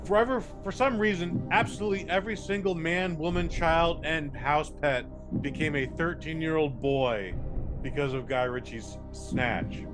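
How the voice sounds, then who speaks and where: A man's voice: fairly high pitch, moderate pace, music in the background. A man co-hosting a podcast in casual banter, blunt and sarcastic, swearing freely. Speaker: podcast co-host.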